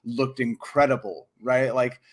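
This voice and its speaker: A man co-hosting a podcast in casual chat, excitable and rambling, with many restarts and fillers. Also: mid-range voice, a little slow. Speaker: podcast co-host.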